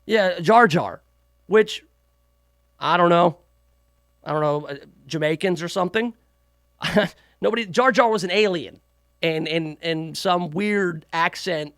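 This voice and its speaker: A man's voice: a little high, unhurried, fairly bright tone, no room sound, studio quality. A man hosting a talk radio show, giving sarcastic, mocking political commentary.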